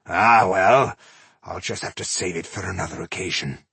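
A man voicing a gruff, hot-tempered male dwarf warrior who hurls insults and curses. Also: low-pitched, moderate pace, pushed and bright, no echo, heavily acted. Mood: rueful.

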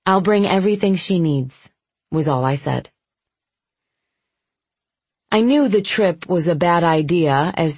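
Lady reading a novel aloud, low-ish voice, calm even delivery, super dry close mic. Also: breathy edge, dry recording. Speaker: audiobook narrator. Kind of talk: scripted first-person narration.

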